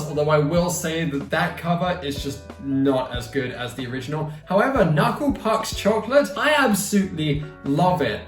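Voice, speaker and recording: A man hosting a casual music vlog, chatty and enthusiastic, with playful asides. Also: a little high. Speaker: YouTube music channel host. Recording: roomy echo, distant mic, music behind.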